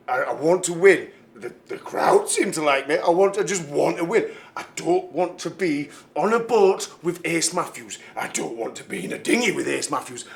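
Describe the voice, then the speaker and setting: A man's voice: sits high, gravelly. A man giving an emotional wrestling promo, whiny and stammering as if near tears.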